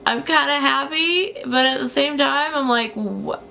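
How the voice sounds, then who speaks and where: A woman's voice: sits high, normal speed, creaky, pushed and bright, slight background noise. A young woman telling a story in a casual vlog, chatty, with many fillers and frequent laughs. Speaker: beauty vlogger.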